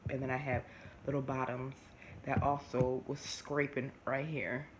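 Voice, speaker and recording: A woman, chatting animatedly to camera and often restarting her sentences. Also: a bass voice. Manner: animated, talks fast with many restarts. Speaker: vlogger. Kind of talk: casual chat to camera. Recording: noisy home recording.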